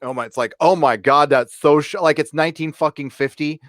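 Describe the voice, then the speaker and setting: A man's voice: on the high side, steady tone, brisk, a bit bright, no echo, studio quality. A man co-hosting a casual live-stream chat, rambling with hesitations and blunt, profane opinions. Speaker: co-host.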